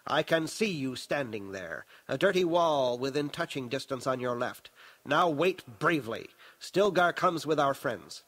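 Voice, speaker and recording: A man voicing a blinded young emperor who gives firm, calm commands, in a storybook reading. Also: medium pitch, unhurried. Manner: firm, commanding orders in a raised voice.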